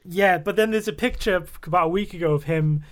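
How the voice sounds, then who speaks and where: Male co-host, slightly high voice, swears and laughs a lot, chatty. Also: a little fast, background noise. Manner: swearing, laughing, acting out quotes. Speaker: podcast co-host. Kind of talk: casual chat.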